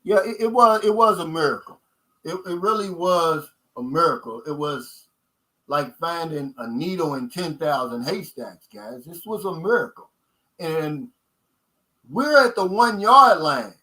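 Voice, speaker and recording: Forceful man with a Kentucky accent. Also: on the high side, lively intonation, a little slow, low-quality recording. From United States. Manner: emphatic, folksy, repeats key phrases, addresses viewers as guys. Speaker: channel host. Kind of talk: casual livestream chat.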